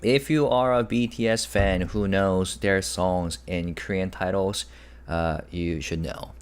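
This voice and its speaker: A man teaching a casual online language lesson. He is patient, repeats his examples, asks the viewers questions, and jumps up in pitch on key words. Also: steady tone, measured pace, smooth.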